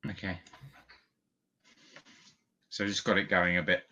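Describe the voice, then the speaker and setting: A British man with a sharp, bright voice plays a tabletop game. He sounds tentative and a little unsure of the rules. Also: sits low, little pitch movement, takes it slowly, lo-fi sound. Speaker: player. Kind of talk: casual tabletop game chat over voice call.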